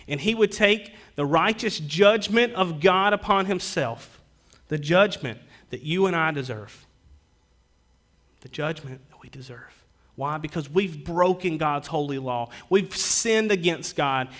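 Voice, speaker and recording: A man's voice: a little high, animated, a little slow. Earnest male pastor preaching. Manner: earnest preaching, rising and dropping to quiet emphasis. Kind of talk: sermon.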